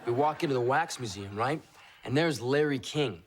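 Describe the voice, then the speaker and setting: An actor playing a goofy friend who rambles through silly stories in a sitcom. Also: male voice, mid-range voice, expressive, normal speed, slight background noise, close to an everyday voice. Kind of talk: sitcom acting.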